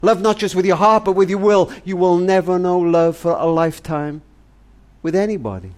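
An older man with a high, slightly mellow voice speaks at a moderate pace. He is a family charity speaker delivering a heartfelt monologue, tender, earnest and grandfatherly, as though talking to his granddaughter.

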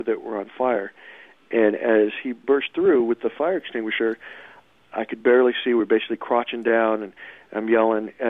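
Man, personal account, halting with fillers, tinny phone-line sound, dry. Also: medium pitch, no echo. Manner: halting, with frequent fillers and restarts. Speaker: interviewee recounting an event.

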